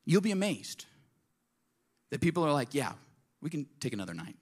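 A male pastor delivers a sermon with animated, conversational energy, his voice a little high and his pace moderate. He swings between punchy, raised lines and quiet, confiding asides, frequently acting out little exchanges along the way.

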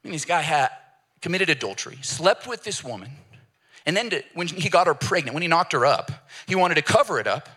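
A man delivers a sermon from the pulpit, telling stories with animation. His voice is bright, his pitch moves a lot, and he slips into voices for the people in his stories. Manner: animated storytelling with acted voices. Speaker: pastor.

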